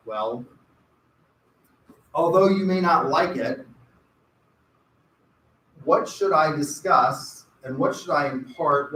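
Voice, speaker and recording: A man's voice: medium pitch, fairly bright tone. A male college lecturer giving a conversational classroom lecture with wry, rambling asides. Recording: echoey classroom from far off, faint hiss.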